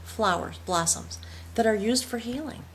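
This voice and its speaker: A woman giving a spoken tarot reading, talking in an awed, reverent way and sometimes dropping to a soft whisper. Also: on the high side, moderate pace, slight background noise. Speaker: tarot reader.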